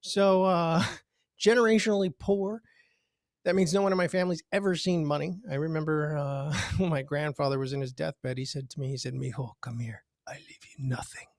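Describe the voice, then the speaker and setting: Guy doing a stand-up set over a video call, animated, dry sound no room, goes way up high doing other people's voices. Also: fairly quick, dry recording. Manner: animated, jumps up in pitch for quoted voices. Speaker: stand-up comedian. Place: home, virtual show.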